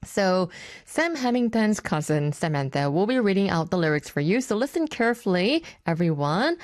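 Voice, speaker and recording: A woman hosting a morning radio show, chatting in a bubbly, giggly way and switching quickly between languages. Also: mid-range voice, very animated, darkish tone, no echo. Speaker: radio host. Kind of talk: bilingual radio talk.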